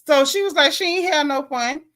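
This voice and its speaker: A woman's voice: high voice, normal speed, fairly bright tone. A woman recapping a reality show in casual, gossipy chat, acting out what the cast said.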